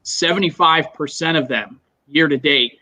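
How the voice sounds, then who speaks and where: Man, bright crisp voice, upbeat, businesslike casual talk. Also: on the high side, normal speed, rough recording. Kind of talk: casual podcast chat.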